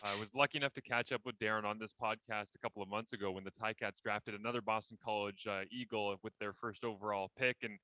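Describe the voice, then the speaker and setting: Bright-voiced man hosting a podcast. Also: on the low side, quick pace, hardly any pauses, no echo, poor audio. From Ontario, Canada. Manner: enthusiastic, animated storytelling. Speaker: podcast host. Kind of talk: casual interview chat.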